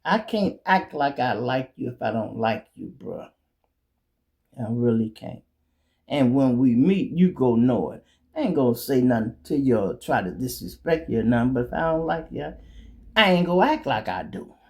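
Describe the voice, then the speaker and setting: A man's voice: medium pitch, very animated, normal speed, darkish tone. A male show host telling a blunt, profane comedic story in a streetwise manner.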